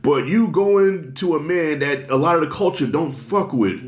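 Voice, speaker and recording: Blunt, animated man sounding off in a casual commentary video, with a voice that sits a little high. He pushes hard on his points and leans on slang. The room around him rings with noticeable echo. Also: moderate pace. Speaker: commentary vlogger. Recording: roomy echo.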